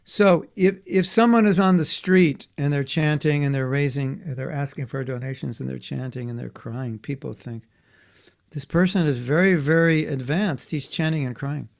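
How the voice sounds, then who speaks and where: A man teaching a class for children, telling stories in an animated way and acting out the voices he quotes. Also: mid-range voice, vocal fry.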